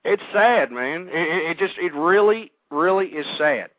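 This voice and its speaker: A man hosting an internet talk radio show, speaking in a rambling monologue that stumbles over repeated words and turns loud and heated. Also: on the high side, expressive, measured pace, dry recording. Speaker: radio host. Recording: tinny phone-line sound, dry.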